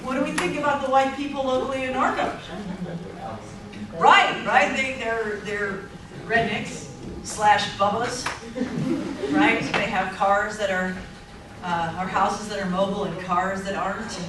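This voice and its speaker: A woman lecturing to a class, telling funny anecdotes with lively delivery and frequent laughter. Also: mid-range voice, a little slow, far from the mic. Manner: lively, storytelling, laughing often. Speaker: anthropology lecturer. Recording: echoey classroom recorded from afar, noisy.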